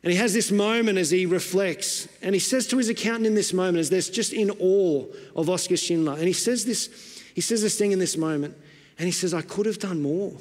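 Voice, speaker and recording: A male pastor with a high voice delivers a sermon in a church whose sound rings on in a long reverb. He hesitates through a story with many fillers, then drives his message home with insistent repetition. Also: fairly quick. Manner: retells a film scene with many fillers, then preaches with rising urgency.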